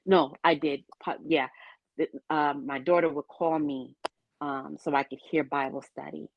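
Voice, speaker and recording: A woman with a low voice speaks slowly and earnestly, sharing her testimony as an interview guest. The sound is dry and a little dull, as if from a lo-fi recording. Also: fairly even intonation, gravelly, dry recording. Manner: earnest, faith-filled storytelling with quoted dialogue.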